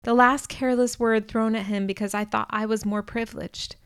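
A woman's voice: on the high side, fairly even intonation, fairly quick, clear, resonant tone, dry recording. A woman reading a first-person novel aloud with earnest, emotional delivery, close to the mic. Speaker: audiobook narrator.

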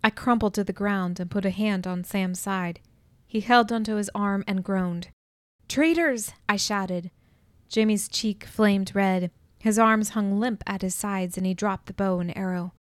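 A woman narrating an audiobook in a measured, expressive way, on a close studio mic. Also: medium pitch, dry recording.

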